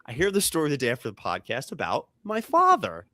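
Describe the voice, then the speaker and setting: A man's voice: fairly quick, no room sound. A man co-hosting a comedy podcast, telling stories in casual chat and acting out the people in them. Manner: animated, acts out quoted people with jumps in pitch. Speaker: podcast co-host.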